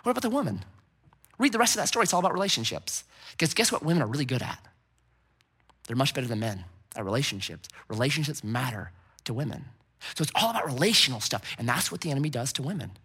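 Animated, bright-voiced male preacher. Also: fairly high pitch, a little fast, breathy edge. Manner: animated preaching with acted quotes and sudden loud peaks. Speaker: pastor. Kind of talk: sermon.

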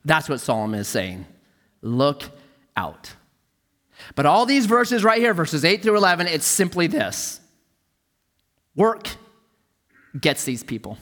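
A man preaching a sermon as a pastor, telling stories with animated energy and dropping to a hush for emphasis. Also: on the high side, takes it slowly, pauses often, long reverb tail.

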